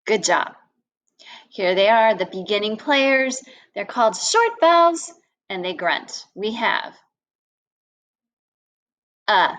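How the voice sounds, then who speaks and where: A woman's voice: mid-range voice, sing-song, slow pace, pauses often, a bit bright, lo-fi sound. A woman teaching a children's phonics lesson, acting out vowel sounds with big exclamations.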